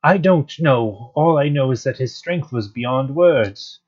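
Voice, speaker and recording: A man reading the lines of a grieving, vengeful old male sage from a game, slow and grave. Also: mid-range voice, expressive, darkish tone. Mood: grim. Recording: dull lo-fi stream audio, faint guitar music.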